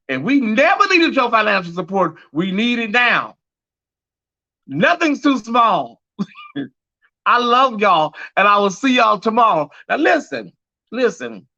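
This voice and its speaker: A man's voice: very high-pitched, bright, forceful tone, dull audio. A man hosting a live pop culture show, talking straight to viewers in a sassy, preachy way and calling them y'all, girl and honey, a little nervous.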